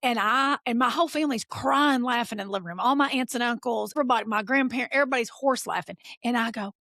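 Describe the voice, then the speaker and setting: A middle-aged woman chatting as a guest in a home art studio, an animated storyteller who acts out remembered dialogue. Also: a little high, quick pace, no room sound. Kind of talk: casual chat.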